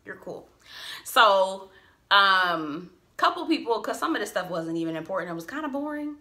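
Casual TV recap vlogger: young woman, bright clear tone, playful. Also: mid-range voice, moderate pace. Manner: animated, laughing asides, slangy and playful. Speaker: TV review vlogger. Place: at home.

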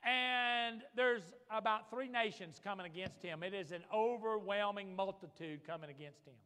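A male pastor preaches fervently, his bright, forceful voice pushing each point home. He keeps asking the congregation for an amen, and his words carry a long reverb through the church sanctuary. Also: sits high, normal speed. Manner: fervent, calls for amens from the congregation. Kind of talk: sermon. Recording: long reverb of a large hall.

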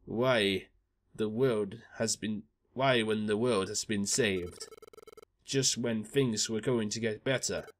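A man voicing an older, wise male Pokémon in a deep, hushed voice while reading game dialogue aloud. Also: takes it slowly. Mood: sombre. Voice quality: low, hushed delivery.

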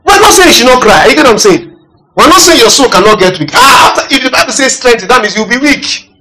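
A man preaching a sermon, asking the congregation "are you getting me" and swinging between loud emphasis and quiet asides. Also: very high-pitched, fast talker, low-quality recording. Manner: animated preaching with call-and-response questions. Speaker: pastor.

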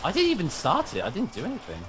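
A man's voice: high-pitched, wildly swooping pitch, fast talker, noisy background. A man with a mixed British accent chatting and giggling while playing a game with a friend. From Britain. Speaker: gamer co-host. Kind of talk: casual gaming chat.

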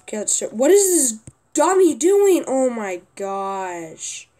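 A young woman commenting on her own gameplay, often exasperated and yelling at a teammate. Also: a little high, very animated, slow. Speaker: gaming youtuber.

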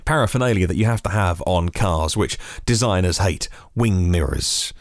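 A man hosts a daily news podcast, moving through stories with a lively, wide-ranging pitch. He adds chatty asides as he reads. The sound is dry and close, with no room echo. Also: moderate pace. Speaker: podcast host.

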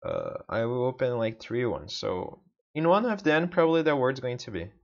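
A man's voice: mid-range voice, huge pitch swings, normal speed, vocal fry, dull audio. A man whose first language is Portuguese, thinking aloud as he studies, muttering to himself and repeating words over and over. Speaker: language learner. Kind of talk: thinking-aloud self-study vlog.

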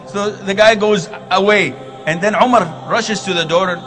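A man's voice: sits high, steady tone, moderate pace, a bit bright. A man preaching a sermon on marriage, telling stories and acting out the quoted dialogue. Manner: storytelling, acts out quoted dialogue. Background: music.

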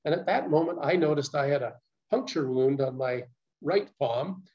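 An older man recounting his story as a guest speaker, earnest and measured, with small stammers. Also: on the high side, a little mellow. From Canada. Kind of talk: personal storytelling talk. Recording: muffled lo-fi recording.

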